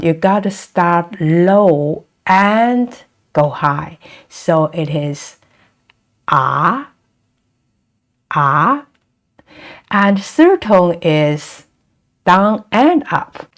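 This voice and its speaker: A woman with a Chinese accent, a native Chinese speaker teaching pronunciation patiently and drawing out each sound as she demonstrates it. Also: lowish voice. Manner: models sounds by drawing out vowels and tones. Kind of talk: slow, patient pronunciation lesson.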